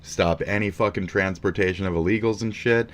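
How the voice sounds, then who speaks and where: Deep-voiced man ranting profanely. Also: a little fast. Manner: profane, rambling, heated. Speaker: streamer. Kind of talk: ranting live stream commentary.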